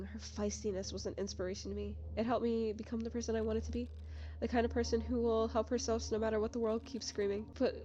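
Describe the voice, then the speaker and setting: A woman's voice: on the high side, warm tone, dull audio, close to an everyday voice. A woman voicing a grieving woman soul who adores her sister in a game, tender and earnest, with game music behind.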